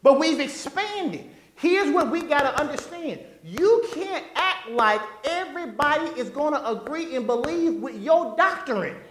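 A male pastor preaching a sermon, animated, throwing call-and-response questions to the congregation. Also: extremely high pitch, a little slow, hardly any pauses, slight background noise. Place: church sanctuary. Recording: echoey church hall.

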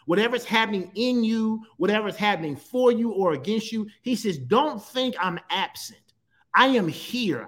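A man's voice: high voice, a bit bright. A middle-aged man preaching a sermon as pastor, emphatic and repetitive, stretching key phrases.

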